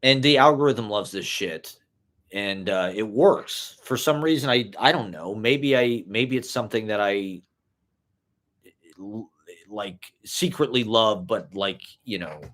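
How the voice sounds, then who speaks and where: In a fairly low, fairly bright voice at a measured pace, a young vlogger muses loosely and casually. He swears freely and fills his talk with "like" and "you know."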